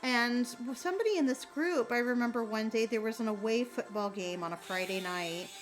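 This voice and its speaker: A young woman with a slightly high voice chats casually to her viewers. She rambles through her stories and leans on lots of filler words. She stays kind and sympathetic when she answers them, while faint music plays in the background. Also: moderate pace, rough recording. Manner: warm, sympathetic toward viewers. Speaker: streamer answering chat. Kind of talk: casual chat.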